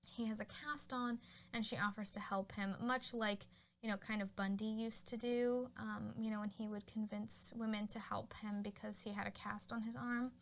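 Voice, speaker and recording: A woman's voice: medium pitch, fairly even intonation, moderate pace. A woman hosting a podcast, casually retelling a film's plot with lots of fillers. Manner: chatty, full of fillers like "like" and "you know". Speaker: podcast host. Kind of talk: casual film recap.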